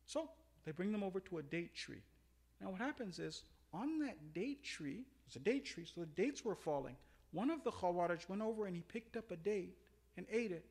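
Male preacher, sermon with stories; high, very lively pitch, sprinkles Arabic terms. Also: moderate pace, creaky. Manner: animated, swings from loud emphatic peaks to quiet asides; uses Arabic religious terms. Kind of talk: sermon with storytelling.

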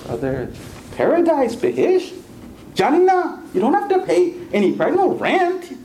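A man's voice: very high-pitched, huge pitch swings, measured pace, warm tone, a little hiss or hum, voice pushed up, heavily acted. A man voicing a cheerful angel who welcomes newcomers to paradise in a joke within a sermon. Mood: reassuring. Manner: reassuring, enthusiastic.

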